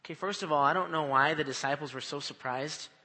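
A man preaching a sermon in a lively, conversational way, often checking in with his listeners. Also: on the high side, fast. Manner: animated, conversational, often asks "right?". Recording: long hall reverb.

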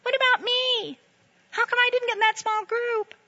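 A woman's voice: very high-pitched, fairly even intonation, normal speed, pushed and bright, dull audio, pitched above the performer's own voice. A woman putting on the voice of a whiny, selfish young child who complains. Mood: whining. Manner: whining, complaining.

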